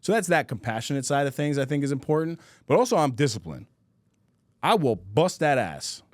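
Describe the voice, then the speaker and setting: A man's voice: medium pitch, big pitch swings, brisk, dry recording. A man in his thirties hosting a podcast, telling stories in casual, slangy chat and laughing easily. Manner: loose slangy talk, says bro a lot, laughs easily. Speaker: podcast host.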